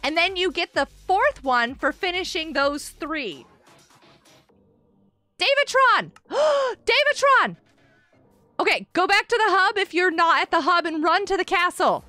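A woman live-streaming a block-building game, excitedly chatting with viewers and cheering players on. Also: extremely high pitch, normal speed, hardly any pauses, no echo, faint music behind. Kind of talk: live Minecraft stream chat.

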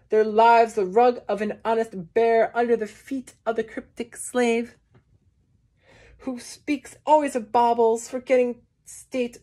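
A woman giving a measured poetry reading, with slow, deliberate phrasing and long pauses. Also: a little high, darkish tone. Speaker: poetry reader.

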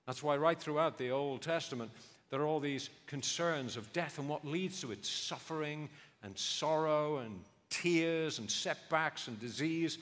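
A man preaching an earnest memorial sermon, rhetorical and lively, sometimes mimicking bland voices in a high tone. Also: measured pace. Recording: long hall reverb.

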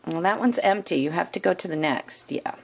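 A woman's voice: on the low side, a little fast, vocal fry, breathy edge. A woman talking to her dogs at home, alternately scolding and praising them in pet talk. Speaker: dog owner. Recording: loud dogs barking behind. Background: dogs barking.

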